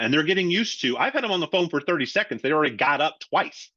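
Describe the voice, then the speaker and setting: Animated middle-aged man training salespeople. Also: on the high side, fast talker, dry recording. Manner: animated, acts out both sides of sales calls. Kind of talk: webinar training talk. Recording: dry, slightly dull lo-fi audio.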